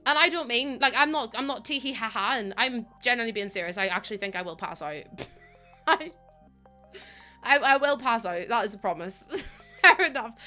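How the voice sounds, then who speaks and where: A young Northern Irish woman with a bright, lively voice that sits a little high, rambling cheerfully to her viewers. She laughs easily and chats casually on a live stream while she builds, and faint music plays underneath. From Northern Ireland. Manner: chatty and rambling, laughs often, talks to viewers.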